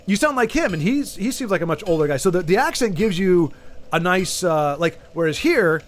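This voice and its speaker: A man with a Southern US Texan accent and a high voice with big pitch swings chats fairly quickly to viewers while streaming a game. He rambles, trailing off mid-thought and restarting his sentences.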